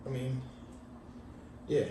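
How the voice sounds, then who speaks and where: A podcast co-host chats casually, his talk rambling, slangy and laid-back, delivered slowly in a dark-toned voice. He sits far from the mic in an echoey room with faint background noise.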